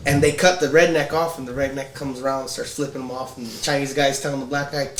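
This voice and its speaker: A man's voice: medium pitch, fairly even intonation, fast talker, hardly any pauses. A man co-hosting a podcast, telling rowdy stories among friends with acted-out quotes. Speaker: podcast co-host. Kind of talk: casual chat with friends. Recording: echoey room.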